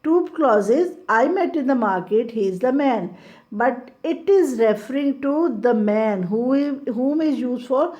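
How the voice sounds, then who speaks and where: A woman's voice: fairly high pitch, lively intonation, dark tone. A woman teacher giving a grammar lesson, explaining step by step and repeating herself. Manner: slow, explaining step by step with repetitions.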